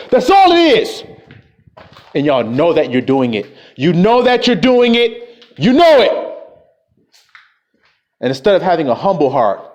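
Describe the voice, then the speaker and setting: A man preaching a profane, confrontational street sermon, scolding his listeners. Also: high voice.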